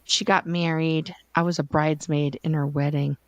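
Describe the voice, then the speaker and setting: Lively California woman telling stories. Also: deep voice, normal speed, no echo, dull audio. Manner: animated storyteller, puts on mock voices in quotes. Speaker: livestream co-host. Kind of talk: casual group chat, storytelling.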